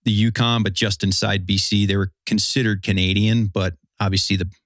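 A man's voice: fairly low pitch, flat delivery, fairly quick, fairly bright tone, no echo, studio quality. A man telling a long hunting story in casual chat, rambling and full of fillers.

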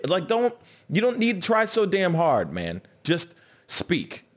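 A man hosting a casual podcast, talking in a loose, animated way, peppered with "you know what I'm saying" and "bruh". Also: a little high, normal speed. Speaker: podcast host. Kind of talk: casual chat.

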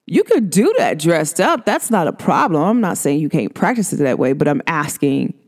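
A young adult woman in a casual self-help monologue, animated, laughing often and asking rhetorical questions. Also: sits low, normal speed. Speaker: vlogger.

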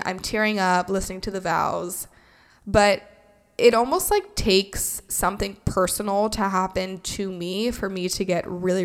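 A woman in her late twenties from the Bay Area, hosting a casual solo podcast in a chatty, heartfelt way, with lots of "like". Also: medium pitch. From San Francisco Bay Area, California. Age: late 20s. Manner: chatty, heartfelt, heavy use of "like". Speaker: podcast host.

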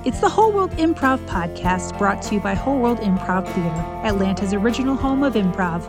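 A woman's voice: medium pitch, big pitch swings, brisk. A woman reading a scripted comic intro for a podcast in a playful announcing style. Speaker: show announcer. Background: theme music.

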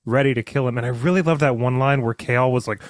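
A man co-hosting a casual book discussion, rambling with lots of fillers and restarts and slipping into animated impressions of characters. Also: mid-range voice, fast talker, no echo, clean studio sound. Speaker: podcast co-host.

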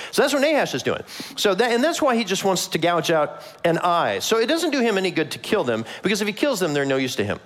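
A man preaching a sermon in a conversational way, acting out quoted voices with humor. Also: a little high. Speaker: pastor.

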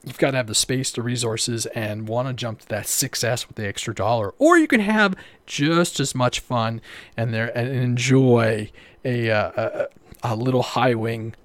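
A man's voice: mid-range voice, moderate pace, dry recording. A man hosting a casual livestream, rambling, with many fillers and restarts. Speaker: livestream host.

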